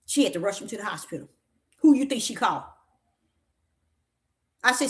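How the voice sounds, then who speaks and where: A middle-aged woman telling a story to viewers in an animated, preachy way. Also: on the high side, normal speed, pauses often.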